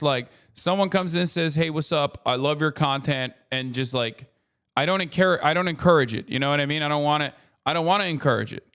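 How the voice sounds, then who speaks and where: A man's voice: on the high side, smooth. Profane rambling streamer man. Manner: profane, rambling, animated asides. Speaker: streamer reacting to a video. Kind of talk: casual stream chat.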